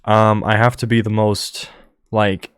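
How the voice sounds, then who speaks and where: A young man hosting a solo podcast, talking in a monotone and rambling with many fillers into a close microphone. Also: lowish voice, unhurried, clear, resonant tone, no echo. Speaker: podcast host.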